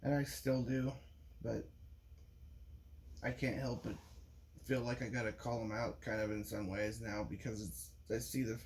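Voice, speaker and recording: A man's voice: mid-range voice, level tone, unhurried, long pauses, darkish tone, slight background noise. A man in a rambling monologue, talking with frequent restarts and profanity. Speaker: vlogger.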